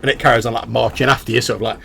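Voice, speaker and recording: A man's voice: medium pitch, fairly even intonation, rapid-fire, gravelly, fairly bright tone, a little hiss or hum. A man, narrating a tabletop game as game master in a loose, chatty way.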